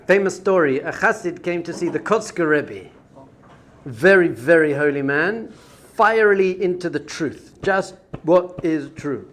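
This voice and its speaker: A man teaching a Torah class as a rabbi, animated and conversational, full of rhetorical questions. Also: fairly high pitch, unhurried.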